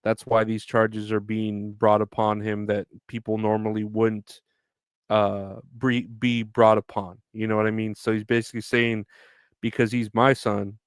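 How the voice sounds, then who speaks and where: Man, solo podcast host, low-pitched, cursing, sarcastic rant, dry close mic. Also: monotone, moderate pace, clean tone, dry recording. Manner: profane, sarcastic, mocking quoted voices.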